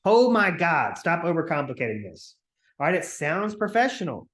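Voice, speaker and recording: A man coaching real estate agents on a video call, talking in an energetic, chatty way and acting out upbeat phone calls. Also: on the high side, normal speed, echoey room. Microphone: computer mic on a video call.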